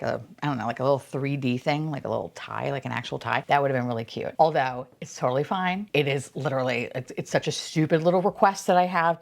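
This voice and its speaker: A woman chatting casually while unboxing toys, gushing and swearing freely, sometimes dropping into soft whispers. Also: extremely low pitch, gravelly. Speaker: unboxing vlogger.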